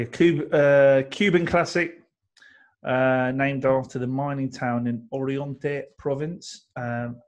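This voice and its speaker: A man, co-hosting a casual chat and rambling through history with fillers and jokes. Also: mid-range voice. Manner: rambling, jokey storytelling with many fillers. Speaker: co-host.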